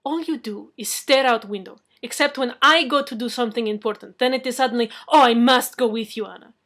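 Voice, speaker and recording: A woman's voice: a little high, moderate pace, fairly bright tone, natural voice. A woman voicing proud, indignant Anna. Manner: indignant, drops articles. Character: proud, fiery woman speaking stiff, article-dropping English. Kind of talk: audiobook reading.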